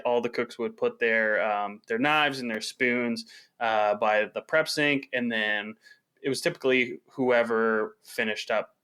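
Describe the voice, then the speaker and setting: A man co-hosting a podcast, telling a kitchen story in a casual, animated way and swearing freely. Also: medium pitch, smooth. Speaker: podcast co-host.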